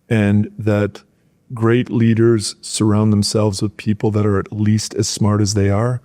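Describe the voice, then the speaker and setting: A middle-aged man from rural Wisconsin, a former football player, telling stories in a casual podcast interview and acting out his old coaches. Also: on the low side. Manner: animated storyteller, acts out coaches' shouts in a raised voice.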